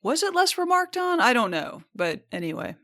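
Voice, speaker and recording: Animated woman, podcast co-host, chatty and quick to react. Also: on the high side. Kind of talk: casual chat.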